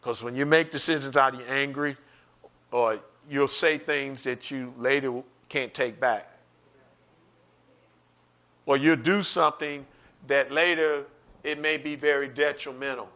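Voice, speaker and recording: A man's voice: mid-range voice, steady tone, unhurried, pauses often, sharp tone. A man teaching an online Bible study sermon, preaching with animation, acting out quotes and speaking straight to his listeners.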